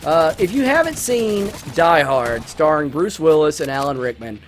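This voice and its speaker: A man's voice: on the high side, expressive, moderate pace, slight background noise. A man hosting a let's-play, chatting casually through a movie review in a rambling way with many restarts.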